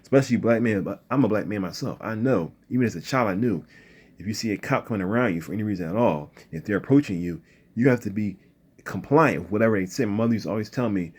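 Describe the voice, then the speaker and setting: A man speaks in an earnest, quick-moving commentary. His voice sits low and carries a husky edge. He keeps checking in with his listener, tagging his lines with "okay?" and "you know.". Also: a little mellow. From Philadelphia area, USA. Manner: frequent "okay?" and "you know" tags, restarts. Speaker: video commentator.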